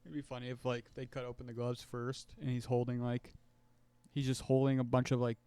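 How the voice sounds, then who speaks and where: A man's voice: medium pitch, monotone, brisk, dark tone, clear, resonant tone, dry recording. A man co-hosting a podcast, talking in a laid-back, joking way with plenty of swearing. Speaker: podcast co-host. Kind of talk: casual chat.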